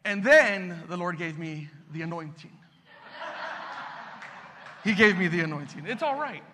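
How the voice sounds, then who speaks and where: A pastor preaching with call-and-response energy, leading prayer and urging the congregation to repeat after him. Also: male voice, high-pitched, lively intonation, a little slow, pushed and bright, slight background noise. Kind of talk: sermon. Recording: long reverb in a hall.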